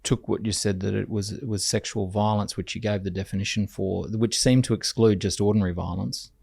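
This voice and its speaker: A skeptical man with a low, gravelly voice picks apart definitions in a podcast discussion. He often restarts his sentences as he argues. The sound is close and dry. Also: steady tone, a little fast, a little mellow, dry recording. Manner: skeptical, questioning, with repeated restarts. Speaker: podcast co-host. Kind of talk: conversational podcast debate.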